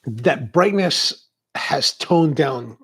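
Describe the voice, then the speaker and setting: A man's voice: on the high side, expressive, very slow, a bit bright, slightly rough. A man hosting a coffee livestream, chatting casually and reading out viewer comments in a rambling, chatty way. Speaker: coffee show host.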